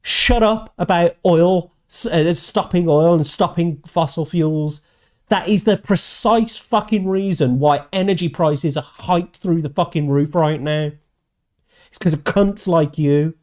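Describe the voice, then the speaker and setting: A man's voice: unhurried, darkish tone. Angry swearing man ranting. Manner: mocking put-on quotes in a higher voice. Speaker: host. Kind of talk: ranting commentary.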